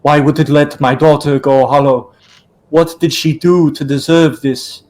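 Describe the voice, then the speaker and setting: A man's voice: a little high, steady tone, measured pace, darkish tone, close to an everyday voice. A man voicing a grieving, frightened eastern warrior who speaks in pleading, broken questions.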